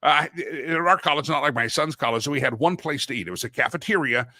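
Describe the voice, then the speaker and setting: A man's voice: fairly high pitch, fast talker, bright, forceful tone, no room sound, clean studio sound. A middle-aged man hosting a talk show, telling rambling personal stories and often correcting himself mid-sentence. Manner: rambling, anecdotal, self-correcting. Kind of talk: casual talk show monologue.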